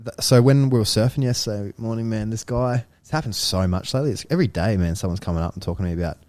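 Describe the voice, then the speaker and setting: A man's voice: fairly low pitch, darkish tone, no room sound. A man co-hosting a podcast, telling stories in a casual chat and swearing freely. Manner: storytelling, swears freely, quick asides. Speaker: podcast co-host.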